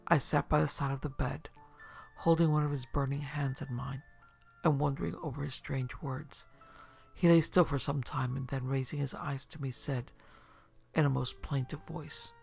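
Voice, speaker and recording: A man narrating a classic story as an audiobook in a measured, formal manner. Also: mid-range voice, little pitch movement, creaky, slightly rough. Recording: dull lo-fi recording, faint music.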